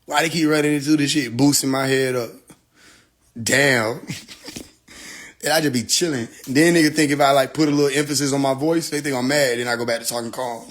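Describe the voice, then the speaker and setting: A man hosting a casual livestream, joking and laughing often, swearing freely, and swinging between loud outbursts and quiet mutters into his phone. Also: mid-range voice, fairly even intonation, brisk. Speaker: livestream host.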